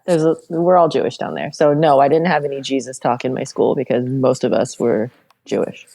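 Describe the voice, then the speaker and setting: A woman from Miami with a Miami accent, a podcast guest trading dry, quick quips in casual comedic chat. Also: extremely low pitch, steady tone, vocal fry, mellow. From Miami, Florida.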